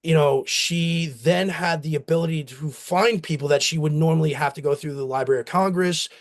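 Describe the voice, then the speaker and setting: His voice runs a little high and a little fast as the American company founder rambles through anecdotes in a relaxed interview, putting on voices to act out what family members said.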